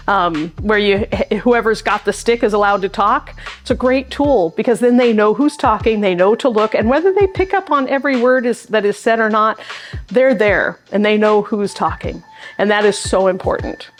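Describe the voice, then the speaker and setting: A middle-aged woman and sign language interpreter, explaining practical tips in a friendly, emphatic way, often with demonstrations. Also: medium pitch. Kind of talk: instructional talk to camera.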